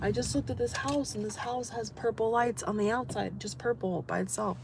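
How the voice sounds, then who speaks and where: A woman's voice: on the high side, fairly even intonation, normal speed, vocal fry. Tearful woman vlogging from her car. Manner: rambling, emotional, repeats herself. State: crying. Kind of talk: tearful personal vlog while driving. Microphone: phone camera. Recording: loud car noise behind.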